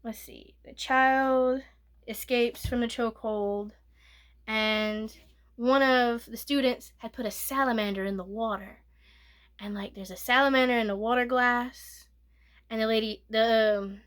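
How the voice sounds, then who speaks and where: Woman, soft-spoken ASMR recap; rambling, self-correcting, slightly higher pitch. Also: fairly even intonation, a little slow. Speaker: movie reviewer.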